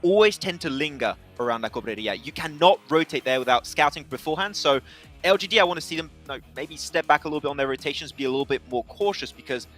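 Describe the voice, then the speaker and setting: A man analysing team rotations at an esports desk, talking quickly and with energy. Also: fairly high pitch, faint music behind. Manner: quick, lively breakdown of team play.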